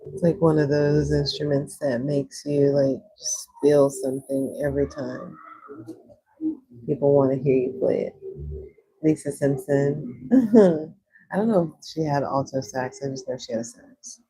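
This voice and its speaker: A young woman chats on a livestream as she swatches watercolors, reading out and answering viewers' comments. Her voice is husky and mellow and sits a little low. Now and then it leaps up high with excitement. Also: unhurried, low-quality recording. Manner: chatty, reads out and answers chat comments; animated, jumps into high squeals of excitement. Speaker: livestream host. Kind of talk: casual chat while swatching watercolors.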